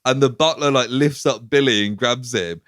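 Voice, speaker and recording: A man's voice: medium pitch, moderate pace, fairly bright tone, dry recording, studio quality. A man co-hosting a podcast, enthusiastically recapping a series and laughing often. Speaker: podcast co-host. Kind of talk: casual chat recapping a series.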